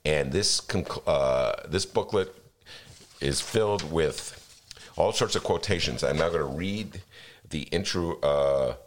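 A man's voice: extremely low pitch, slow, slight background noise. A man hosting a podcast as a columnist, talking casually with a fired-up, sarcastic ranting manner.

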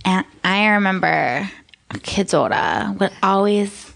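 A woman's voice: mid-range voice, expressive, slow pace, creaky, fairly bright tone. A woman co-hosting a comedy podcast in character, playful and goofy, laughing often. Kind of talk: improvised comedy banter.

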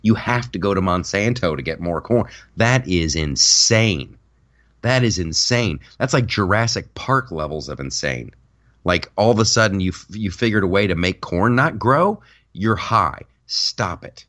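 Rambling low-voiced man ranting. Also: expressive, moderate pace, fairly bright tone. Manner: rambling, repeats words, restarts. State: short on sleep. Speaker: podcast host and stand-up comedian. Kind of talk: casual comedic rant.

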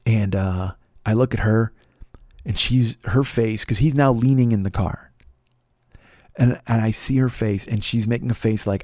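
A man's voice: lowish voice, normal speed, warm tone, dry recording, studio quality. A middle-aged man and comedian telling a rambling, profane story in a casual monologue, often restarting and repeating words. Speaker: comedian and podcast host.

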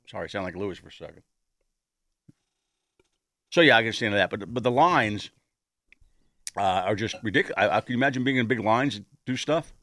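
Rambling crude man, lowish voice. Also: expressive, a little fast, pauses often, a bit bright, no echo, clean studio sound. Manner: rambling, crude, laughs often. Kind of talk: casual banter.

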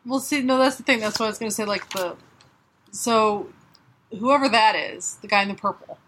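A woman co-hosting a podcast, retelling a comic book in a sarcastic, profane, animated way. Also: a little high, brisk, slight background noise. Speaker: podcast co-host. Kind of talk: casual comic book chat.

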